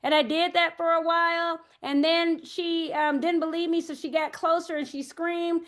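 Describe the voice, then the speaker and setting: A woman's voice: very high-pitched, flat delivery, moderate pace, fairly bright tone. An older woman, an early childhood educator, giving a parent workshop talk, hesitant and thinking aloud as she tells anecdotes.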